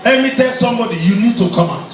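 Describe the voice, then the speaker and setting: A male pastor preaching a fervent, repetitive sermon, often shouting his lines. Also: high-pitched, animated, fast. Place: large church tent. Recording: very echoey, distant mic, crowd and noise.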